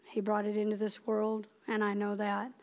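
A woman's voice: mid-range voice, monotone, moderate pace. A woman in her fifties preaching a personal, conversational sermon in a church, building up with emphatic repeated lines. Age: 50s. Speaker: lay preacher. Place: church sanctuary.

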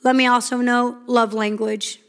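A woman's voice: a little high, level tone, normal speed, a bit bright, clear, resonant tone. A woman giving a talk on marriage, reading from notes and breaking off for asides and short acted-out quotes. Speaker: marriage teacher.

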